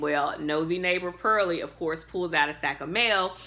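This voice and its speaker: A woman's voice: lowish voice, normal speed, bright, forceful tone. A woman in her bedroom recapping a TV episode to camera, chatty, with many fillers, getting worked up. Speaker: TV recap vlogger. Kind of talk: casual recap talk to camera.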